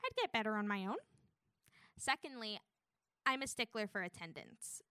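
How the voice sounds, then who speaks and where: A woman's voice: mid-range voice, big pitch swings, normal speed, pushed and bright, clear, resonant tone, dry recording, studio quality. A young woman, a student, narrating a personal story in a wry tone. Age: young adult.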